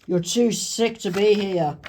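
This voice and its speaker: A man voicing a stern male boss in a fan comic reading, slow and firm. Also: high voice, a little mellow, a little hiss or hum.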